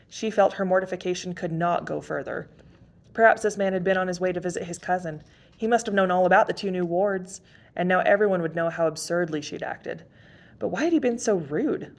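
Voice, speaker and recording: A woman reading a novel chapter aloud in steady storybook narration. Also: lowish voice, creaky. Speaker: reader.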